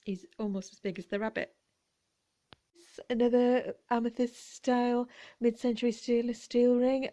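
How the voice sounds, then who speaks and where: A woman chatting gently as she shows her vintage jewellery finds. She talks quietly, often slipping into whispers, with playful asides. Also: on the high side, little pitch movement, moderate pace. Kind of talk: relaxed show-and-tell chat.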